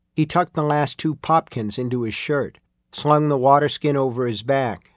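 A man narrating a story in a steady storytelling read. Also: mid-range voice, no room sound, clean studio sound. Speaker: audiobook narrator. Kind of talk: scripted narration.

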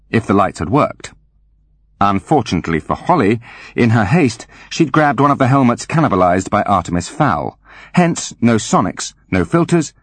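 A man narrating an audiobook with wry, animated storytelling. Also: fairly low pitch, dry recording. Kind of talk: scripted narration.

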